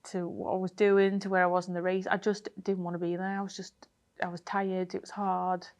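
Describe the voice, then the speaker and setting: A woman, a triathlete guest telling a race story in a chatty, animated way full of fillers. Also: fairly low pitch, brisk. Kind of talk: casual interview storytelling.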